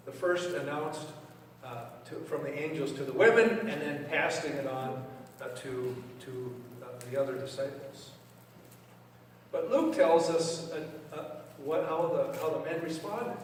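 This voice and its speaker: A man's voice: on the high side, measured pace. A man preaching in a church, talking plainly with the children and asking them questions before his sermon. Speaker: pastor. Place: church sanctuary. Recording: echoey church from far off, faint hiss.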